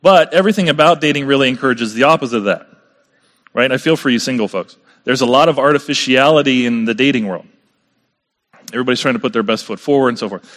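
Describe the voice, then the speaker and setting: A man delivers a sermon in a relaxed, conversational style, often asking the listeners questions. His mid-range voice carries a long reverb, as if from a large sanctuary. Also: medium pitch. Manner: conversational preaching with rhetorical questions. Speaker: pastor.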